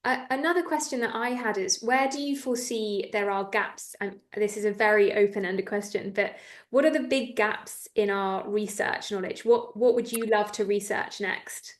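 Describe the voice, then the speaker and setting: A woman's voice: mid-range voice, normal speed. A woman hosting a webinar, asking questions in a friendly, slightly hesitant way on a video call. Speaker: webinar host. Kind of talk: conversational interviewing.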